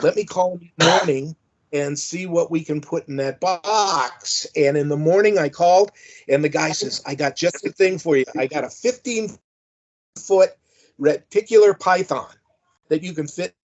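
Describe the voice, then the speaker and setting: An older man tells amused, rambling stories in a somewhat high voice, full of "uh" and "you know." He has the easy manner of a guest reminiscing. The audio is dull and lo-fi. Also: a little slow. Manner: rambling, amused, many fillers. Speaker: guest, former wrestling manager. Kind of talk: anecdotal storytelling.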